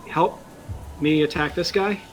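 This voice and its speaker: Man player, slightly high, terse. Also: a little slow, slight background noise, poor audio. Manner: short, plain turn declarations. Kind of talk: casual tabletop game talk.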